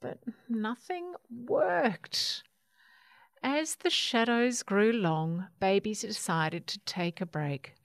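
A woman reading a children's story aloud in an expressive, unhurried way. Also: medium pitch, vocal fry, dry recording, clean studio sound.

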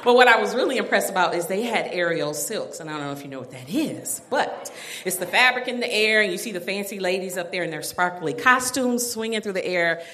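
A middle-aged woman recounts her own story for a listening audience, self-mocking and quick to laugh. Her pitch swings widely as she talks. Her voice is bright and forceful. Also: expressive. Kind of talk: personal story told to an audience.

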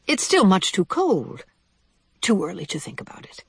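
A woman voicing a caring mother mouse who speaks gently and soothingly, in a storybook reading. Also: mid-range voice, very animated, normal speed, vocal fry, breathy edge, dry recording, exaggerated voice. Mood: casual. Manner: gentle, soothing, trying to sound casual.

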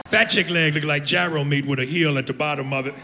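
A man's voice: a little high, steady tone, quick pace, noisy background. A man comedian doing brash, crude crowd work on a club stage, teasing the audience. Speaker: stand-up comedian.

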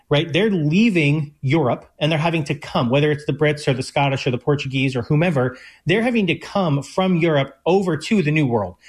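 Eager, quick-talking young man co-host. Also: fairly high pitch, husky. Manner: eager, explanatory, quick bursts. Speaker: chef and co-host. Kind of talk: casual radio food chat.

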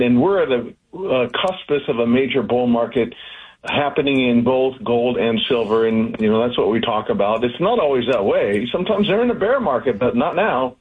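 Man, radio guest, investment executive, husky, earnest and salesy, tinny phone line. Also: medium pitch, lively intonation, moderate pace.

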